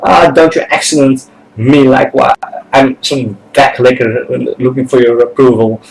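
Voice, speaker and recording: A man's voice: mid-range voice, fairly even intonation, a little slow, vocal fry, rough recording. A man voicing a meek, timid young woman nanny in a game, reading her lines with an apologetic manner. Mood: mock-scolding. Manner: meek and apologetic, then mock-scolding. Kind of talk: reading game dialogue aloud.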